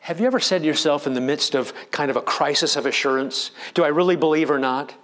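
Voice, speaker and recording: A man's voice: a little high, quick pace, fairly bright tone. A man preaching a sermon as a pastor, with emphatic delivery that rises and drops in volume.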